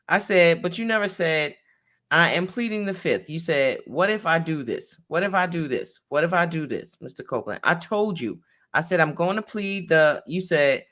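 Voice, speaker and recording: A woman's voice: lowish voice, fairly bright tone. Woman attorney reading out a transcript. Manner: reads each speaker's name before their line. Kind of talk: reading a court transcript aloud, explaining it.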